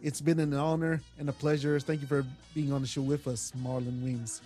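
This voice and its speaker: A man's voice: a little high, a little fast, soft background music. A man hosting a radio talk show, thanking guests and closing the program. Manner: steady, wraps up segments and thanks guests.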